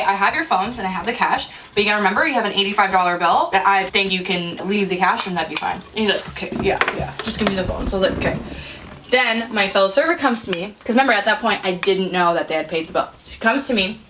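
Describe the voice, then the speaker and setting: A woman's voice: mid-range voice, a bit bright, recorded from a distance. A young woman telling her restaurant stories in loose, profane casual chat, laughing as she goes. Her voice sits a little off the mic, with faint noise behind it. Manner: swearing, storytelling with laughs. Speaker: podcast co-host.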